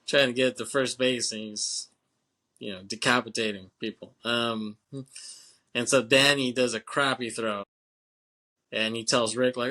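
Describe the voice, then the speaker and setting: A man's voice: mid-range voice, sharp tone. A young man co-hosting a podcast, casually recapping a film, rambling, laughing often and acting out the characters' lines. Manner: rambling, laughs often, acts out lines in quick put-on voices. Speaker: podcast co-host. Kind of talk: casual movie recap chat.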